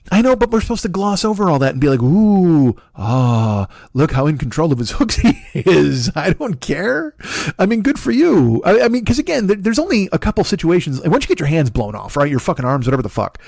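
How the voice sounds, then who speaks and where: A man in his forties rants through a comic monologue, swearing freely and circling back on himself. He talks fast with a lively pitch that jumps high and low. The sound is dry and close. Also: gravelly, no echo. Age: 40s. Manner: profane, animated, rambling with restarts. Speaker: comedian podcast host.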